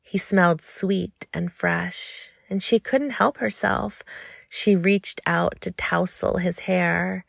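A woman reading an intimate story aloud in a slow, hushed, lingering way. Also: lowish voice, vocal fry, dry recording, studio quality. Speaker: narrator.

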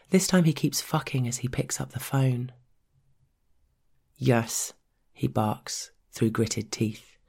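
A man reading an adult story aloud as a narrator, in steady, measured storytelling. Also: mid-range voice.

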